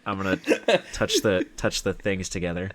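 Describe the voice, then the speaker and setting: A man's voice: low-pitched, steady tone, moderate pace, noisy background. A man playing a tabletop game, hesitant and laid-back. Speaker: player.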